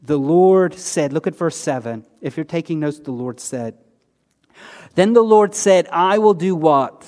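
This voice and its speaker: A man preaching a sermon in a conversational way, asking rhetorical questions and dropping his voice low on key words. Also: animated, a little slow, a little mellow, big-room sound. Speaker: pastor.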